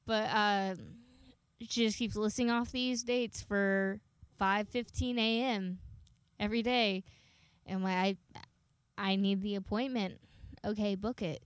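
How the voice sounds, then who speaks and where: A woman's voice: on the high side, steady tone, a little slow, long pauses, clean tone, dry recording. A young woman casually telling a story, swearing often and acting out the people she talks to. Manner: chatty, swears a lot, dramatic retelling of dialogue.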